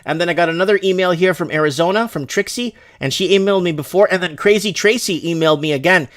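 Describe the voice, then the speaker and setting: A man from Canada hosting a loose livestream, his voice sitting a little high for a man. He rambles, restarts sentences and reads viewer emails aloud. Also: fast, fairly bright tone. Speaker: host. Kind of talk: casual livestream commentary.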